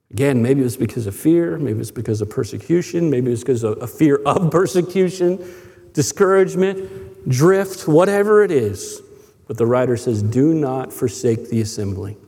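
A man with a high voice preaches to his congregation, telling stories in an easy, conversational way. He often stumbles and restarts his sentences. The sound has the long reverb of a church hall. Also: expressive, moderate pace, darkish tone, breathy edge. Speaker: pastor. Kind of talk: sermon.

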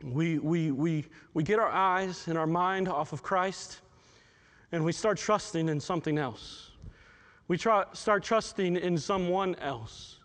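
A man with a notably high voice preaching to his congregation. He speaks with open feeling and often trips over his words, repeating them before pushing on. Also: a little slow, fairly bright tone. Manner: repeats words and restarts often, emotional and heartfelt. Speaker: pastor. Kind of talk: sermon.

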